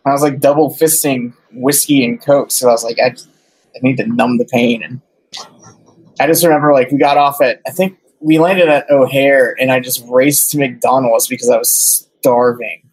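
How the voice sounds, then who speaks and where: A man's voice: mid-range voice, steady tone, normal speed, breathy edge, poor audio. A man telling travel stories in casual chat, rambling with lots of fillers.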